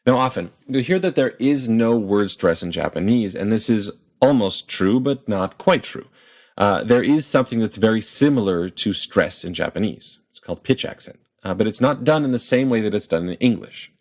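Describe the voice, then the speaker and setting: A man explaining pronunciation in a clear, methodical lesson and sounding out example words. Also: lowish voice. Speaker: language teacher.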